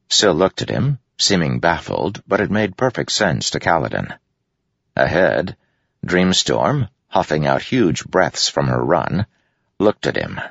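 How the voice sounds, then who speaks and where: A man narrates a story in an expressive, scripted delivery. His voice sits extremely low with a gravelly rasp and a lively, animated melody. The recording is dry and somewhat muffled. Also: a little slow, no room sound. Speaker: audiobook narrator. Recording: dry, dull lo-fi sound.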